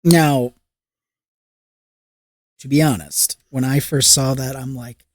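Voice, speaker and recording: A podcast host rants in casual political chat, exasperated and animated, with swearing sprinkled throughout. The voice sits at a middling pitch. The recording is dry and close, with no room sound. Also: slow, pauses often, no echo.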